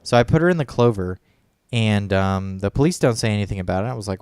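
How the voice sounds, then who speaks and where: Man, casual podcast chat, rambling, swearing, lots of ums, low voice, dry close mic. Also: lively intonation, fast, darkish tone, clear, resonant tone, no room sound. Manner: rambling, profane, many fillers and restarts. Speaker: podcast co-host.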